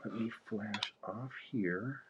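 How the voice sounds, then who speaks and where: A man's voice: fairly low pitch, slow pace, noisy background. A man chatting casually and rambling while he paints on a live stream, laughing now and then. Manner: rambling, easygoing, laughs often. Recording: muffled lo-fi stream mic.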